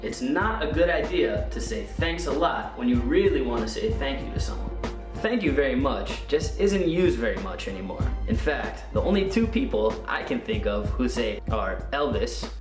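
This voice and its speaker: A man gives an upbeat video lesson on English, speaking clearly and prompting listeners to repeat. He sounds set back from the mic in a roomy space, with music clearly audible underneath. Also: mid-range voice, very animated, moderate pace, hardly any pauses, distant mic. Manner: clear, upbeat teaching delivery with practice prompts. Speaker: online English teacher.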